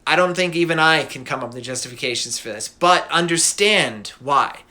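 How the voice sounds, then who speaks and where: A male podcast host retelling a myth in a casual, slangy way, animated and quick to laugh. His voice is bright and forceful, pitched a little high.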